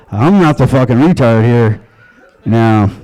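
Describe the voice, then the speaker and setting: A man's voice: medium pitch, a little mellow, rough recording. A man from Long Island doing a stand-up comedy set in a comedy club, crude and offhand. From Long Island, USA.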